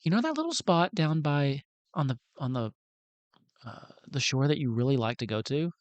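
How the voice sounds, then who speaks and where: A man voicing a grieving fourteen-year-old boy in a tabletop game, speaking softly with halting restarts. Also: fairly high pitch, expressive, no room sound, lo-fi sound, natural voice. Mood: flustered. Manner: soft, halting, embarrassed.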